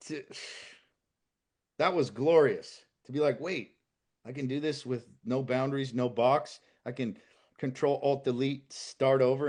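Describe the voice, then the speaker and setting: A man talking as a guest on a casual podcast, impassioned and swearing freely, building to emphatic outbursts. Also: fairly high pitch.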